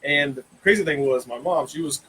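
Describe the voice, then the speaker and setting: A man's voice: on the high side, brisk, poor audio. Man telling a wild story. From North Carolina. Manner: animated, repeats himself when excited. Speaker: guest co-host. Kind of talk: casual storytelling.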